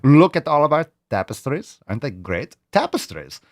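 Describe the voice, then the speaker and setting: A man's voice: on the high side, normal speed. A man hosting a fitness vlog, joking and swearing in casual talk. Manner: profane, joking, animated. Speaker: fitness podcast host.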